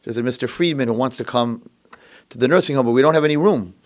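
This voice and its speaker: A man's voice: medium pitch, fast talker, close to an everyday voice. A man voicing a hesitant, apologetic nursing home owner. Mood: placating.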